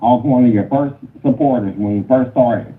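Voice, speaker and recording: A man's voice: mid-range voice, normal speed. A male caller on a live show who stammers, then freestyles insult-heavy rap rhymes at the host. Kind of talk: call-in chat and freestyle rap battle. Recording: tinny phone line with faint noise.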